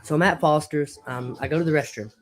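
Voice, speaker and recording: A man's voice: a little high, quick pace. A young man, hosting a podcast in a casual, rambling storytelling way and laughing often. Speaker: podcast host.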